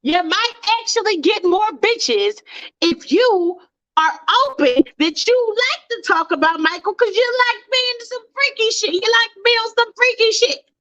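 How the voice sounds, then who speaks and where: A woman's voice: very high voice, animated, a little slow, a bit bright, no room sound, muffled recording. A woman hosting a fan livestream, ranting bluntly and with lots of swearing while talking to her chat. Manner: blunt, profane, fired-up, talks to chat. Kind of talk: casual livestream rant.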